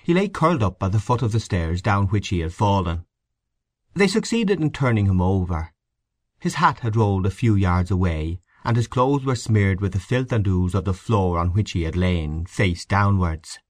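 A man giving a measured, expressive reading of a short story as its narrator. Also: low-pitched, no room sound, clean studio sound. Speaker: audiobook narrator.

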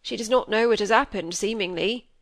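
Woman narrator voicing a hurried male servant, plain-spoken, dry close sound. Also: medium pitch, dry recording, close to an everyday voice.

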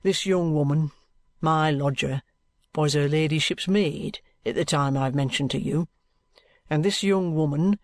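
A man playing a shrewd police detective, speaking in a cool, deliberate, coaxing way. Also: on the high side, close to an everyday voice. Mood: firm. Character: shrewd, calm male police detective, firm and patronising.

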